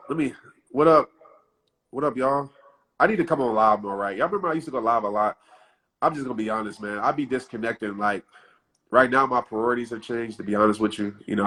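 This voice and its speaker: A man's voice: lowish voice, a bit bright. A man in his thirties hosting a casual live stream from his phone, chatting loosely, laughing often and reading out short motivational lines. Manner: laid-back, chatty, laughs often, reads his own quotes aloud. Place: outdoors in wind.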